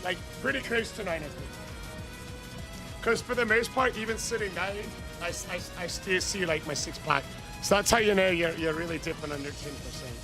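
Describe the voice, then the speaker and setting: A man streaming a game live, loudly toasting and thanking his chat with shouted cheers. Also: high-pitched. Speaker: gaming streamer.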